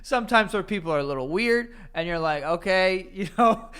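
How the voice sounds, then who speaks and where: A man's voice: high voice, fairly quick, clear, resonant tone. A man co-hosting a podcast, telling stories through laughter. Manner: laughing storyteller, animated. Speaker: podcast co-host. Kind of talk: casual chat.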